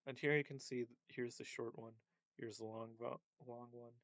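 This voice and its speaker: A man teaching a casual screen-share language lesson, thinking aloud with many ums and pauses. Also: mid-range voice, steady tone, no room sound, poor audio.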